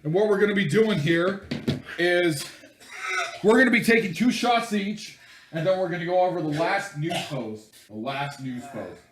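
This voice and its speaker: A man's voice: sits high, expressive, moderate pace, fairly bright tone. A man co-hosting a podcast in casual chat, joking sarcastically and swearing. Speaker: podcast co-host. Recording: echoey room with noise.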